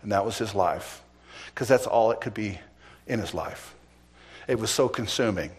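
A middle-aged man preaching as pastor, asking the congregation pointed questions and swinging between loud emphasis and quiet asides. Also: on the low side, moderate pace, slightly rough. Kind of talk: sermon.

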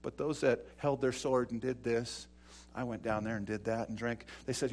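A middle-aged man preaching a sermon, telling stories and acting out dialogue, swinging between loud bursts and quiet stretches. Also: medium pitch, normal speed. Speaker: pastor.

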